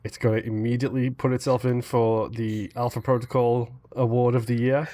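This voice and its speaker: A man's voice: medium pitch, flat delivery, a little fast, warm tone, no room sound. A man co-hosting a casual gaming podcast, joking dryly and trailing off. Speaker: podcast co-host.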